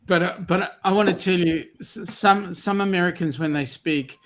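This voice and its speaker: A man's voice: high voice, moderate pace, a bit bright. A man with an Australian accent, joking around in casual chat on a video-call stream. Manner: playful, jokey.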